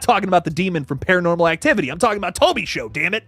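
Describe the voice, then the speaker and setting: Young male streamer, loose and profane, lively slightly high voice, dry close sound. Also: fast talker, no room sound, soft background music. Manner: animated, swearing, laughs often, reads chat aloud. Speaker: horror news host. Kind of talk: casual livestream chat.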